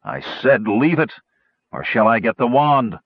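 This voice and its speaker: A man's voice: medium pitch, big pitch swings, normal speed, breathy edge, no echo, highs cut off. A man voicing a cold, commanding human robber leader who gives curt orders.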